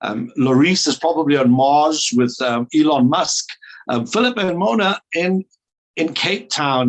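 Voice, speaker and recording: A South African man runs an online training call, his voice sitting a little high for a man. He keeps things playful and upbeat, bantering with attendees. The sound comes through a video call. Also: normal speed.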